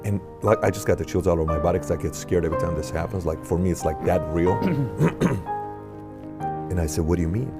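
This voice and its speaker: Low gravelly man telling an earnest story. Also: animated, brisk, pauses often, over loud music. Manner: earnest, searching, full of questions; conversational, with frequent "like" and "okay?". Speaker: army veteran guest. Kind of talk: personal testimony in an interview.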